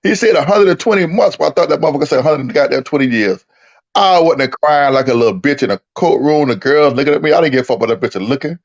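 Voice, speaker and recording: Man, casual storytelling, animated, profane, muffled lo-fi sound. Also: fairly high pitch, fast. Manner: animated, profane, laughing while telling. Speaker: podcast co-host telling a story. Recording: dull lo-fi recording.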